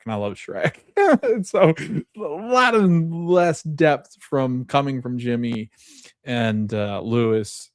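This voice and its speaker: Male podcast host, low voice, chatty and loose, laughs a lot while recapping a show. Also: no room sound, studio quality. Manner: chatty and animated, many fillers, laughs often. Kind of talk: casual TV episode recap.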